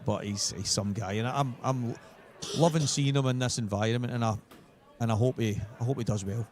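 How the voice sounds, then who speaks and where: A Scottish man commentating on pool, telling stories from the circuit with animated retold dialogue. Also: mid-range voice, a little fast. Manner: storytelling, animated in retold quotes. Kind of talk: live sports commentary. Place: commentary position at a venue.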